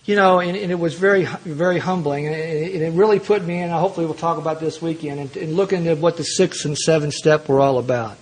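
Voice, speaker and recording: High-pitched older man telling a meeting story. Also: fast, few pauses, poor audio. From Louisville, Kentucky. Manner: folksy, self-mocking storyteller with frequent restarts. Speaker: AA speaker. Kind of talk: storytelling talk at a recovery meeting.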